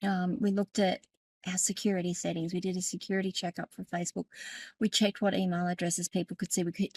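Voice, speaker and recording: A middle-aged tech educator and podcast host with a lowish, gravelly voice runs a screen-share tutorial on settings, recorded dry. She keeps it chatty, often laughing and correcting herself.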